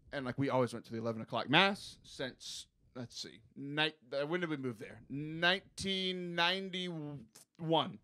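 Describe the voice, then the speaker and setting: A man's voice: medium pitch, measured pace, bright, forceful tone. A man hosting a podcast in casual chat, playful and joking, sometimes breaking into sing-song asides. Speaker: podcast host.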